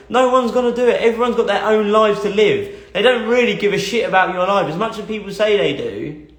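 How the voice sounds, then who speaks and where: A man's voice: high-pitched, quick pace. A young man telling a personal story as a motivational talk, earnest and blunt, swearing and repeating phrases for emphasis. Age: young adult. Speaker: motivational speaker. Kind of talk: motivational monologue. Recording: echoey room.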